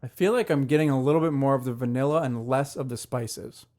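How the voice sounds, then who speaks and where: Young dude cohosting, laid back, laughs a lot, medium voice. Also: male voice, mid-range voice, darkish tone. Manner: easygoing, laughs often, quick quips. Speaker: podcast co-host. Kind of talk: casual chat and beer tasting.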